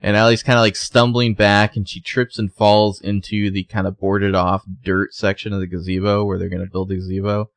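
Deep-voiced man recapping a show. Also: little pitch movement, no room sound. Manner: retells scenes with quick quoted voices. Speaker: podcast co-host recapping a TV episode. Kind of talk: casual chat.

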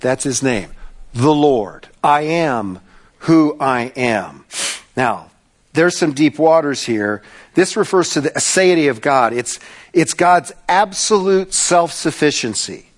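A man pastor delivering a sermon, earnest, with slow emphatic pauses. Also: fairly high pitch, animated.

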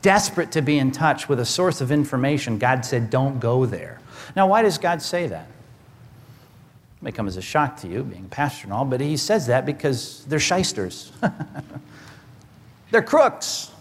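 A male pastor preaching a sermon in an animated, wry way, swinging between loud and hushed. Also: mid-range voice, measured pace, long pauses. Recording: echoey hall.

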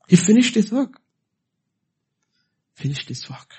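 A middle-aged man preaching a sermon, repeating key phrases and swinging from hushed whispers to loud emphatic bursts. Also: on the high side, big pitch swings, slow pace, pauses often, breathy edge.

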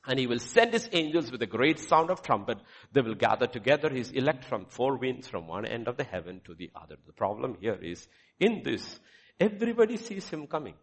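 Animated man preaching a sermon. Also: fairly high pitch, normal speed, slightly rough. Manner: preaching with rising emphasis and rhetorical questions. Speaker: pastor.

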